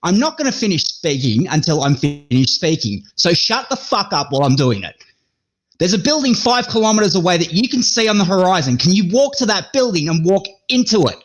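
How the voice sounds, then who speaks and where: A man's voice: sits high, sing-song, fairly quick, low-quality recording. An Australian man in a heated voice-chat debate, combative and swearing, pressing for yes or no answers.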